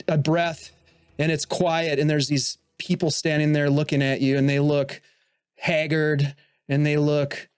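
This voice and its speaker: A man's voice: on the high side, clear, resonant tone, no echo. An American man narrating a tabletop role-playing game as game master, in a loose, rambling way with many fillers. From United States.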